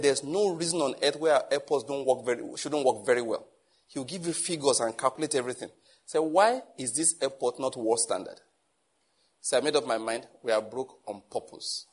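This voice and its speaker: A man's voice: medium pitch, breathy edge. A man preaching a sermon in a conversational way, acting out little dialogues as he teaches. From Nigeria.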